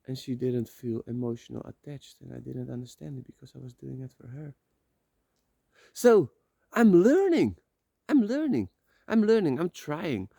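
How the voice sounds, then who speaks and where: A man from the Netherlands, a vlogger, walks a slippery outdoor path and speaks into his phone in a warm, creaky, medium-pitched voice with no echo. His talk is a rambling, heartfelt, emotional motivational monologue, with casual swearing throughout.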